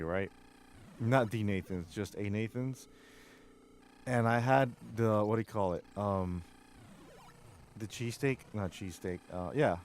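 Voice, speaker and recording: Chatty low-voiced man streaming games. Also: a little mellow, a little hiss or hum. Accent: New York. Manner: chatty, rambling, reads chat aloud. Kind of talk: casual live-stream chat while gaming.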